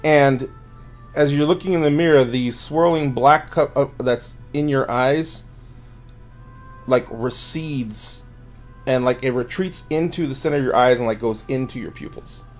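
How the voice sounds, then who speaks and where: A man's voice: mid-range voice, measured pace, soft background music. A man running a tabletop game as game master, narrating loosely with many fillers and restarts.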